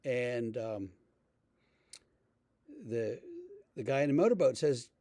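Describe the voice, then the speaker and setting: A male pastor giving a relaxed, conversational devotional talk, telling stories with frequent fillers. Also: mid-range voice, takes it slowly, long pauses, no room sound, clean studio sound.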